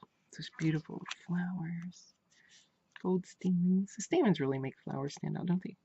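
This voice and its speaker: Gushing woman with a gravelly voice. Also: lowish voice, normal speed, dark tone, a little hiss or hum. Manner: gushing, keeps repeating praise. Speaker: craft vlogger. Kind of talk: casual unboxing chat. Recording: dull lo-fi home recording.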